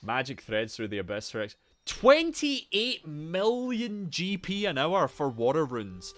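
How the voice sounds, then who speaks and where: A young man live-streaming a game, chatting casually and loudly greeting viewers by name, with a rambling, swearing manner. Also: on the high side, measured pace, no room sound. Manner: animated, loud greetings to viewers.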